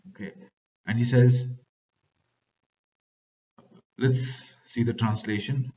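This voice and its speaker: A man's voice: fairly even intonation, slow pace, pauses often. Indian man teaching a play, distant. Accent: Indian English. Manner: reads quoted lines louder and higher, then paraphrases plainly. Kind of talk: reading and explaining a play to students. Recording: lo-fi, distant from the mic.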